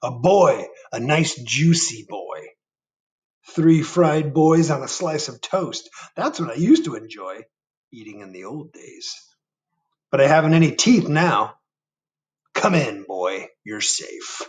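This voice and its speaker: A man voicing a very old, toothless male giant in a picture book read aloud, speaking slowly and gloating over past meals. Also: mid-range voice, big pitch swings, pitched above the performer's own voice.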